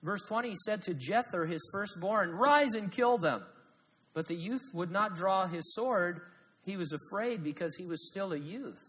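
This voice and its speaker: A pastor delivers a sermon with lively swings from booming emphasis to near-hushed asides, slipping in jokes along the way. His voice sits a little high for a man. The sound carries the long reverb of a church sanctuary. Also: moderate pace. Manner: animated, swings from loud to hushed, jokey asides.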